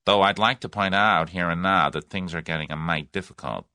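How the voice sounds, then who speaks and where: A man's voice: sits low, a little fast, sharp tone, no echo, studio quality. A man doing a drawling American businessman. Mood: cautious. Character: American businessman Mister Potter, drawling, cautious.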